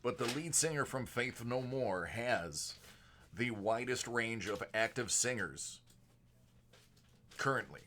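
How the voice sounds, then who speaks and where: A man hosting a live card-break stream, chatting casually with viewers and moving between a projected announcer voice and a softer everyday voice. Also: medium pitch, animated, slow pace, long pauses, slight background noise. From United States. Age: adult with a young son. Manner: chatty, answers viewers by name.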